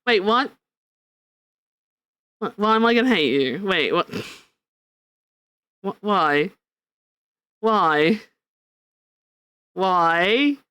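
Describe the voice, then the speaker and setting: A woman chatting casually on a live stream, excitable, swearing and laughing often. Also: medium pitch, extremely slow, pauses often, smooth, no echo. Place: home room at a desk.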